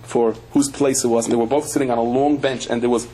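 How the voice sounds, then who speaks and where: A man's voice: mid-range voice, fairly even intonation, fast, warm tone, husky, poor audio. A man, a rabbi, giving a sermon-style Torah class, weaving humorous stories into the teaching and acting out the people he quotes. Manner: humorous storytelling, acts out quoted voices.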